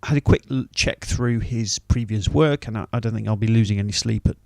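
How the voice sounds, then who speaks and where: A man's voice: on the low side, a little fast, gravelly, darkish tone, dry recording. A British man giving a wry, dismissive film review in a casual monologue. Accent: British English.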